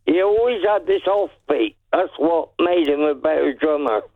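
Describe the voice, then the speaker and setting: A man calling into a radio show over a phone line, chatting in a slow, laid-back, playful way. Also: fairly high pitch, expressive, no room sound. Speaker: caller. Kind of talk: casual radio chat. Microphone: phone line into the studio.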